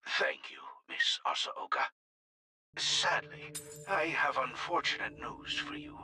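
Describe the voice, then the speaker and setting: A man voicing a doctor in a game, formal and measured on a call. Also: mid-range voice, wildly swooping pitch, bright, forceful tone, full character voice. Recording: voice over clear music.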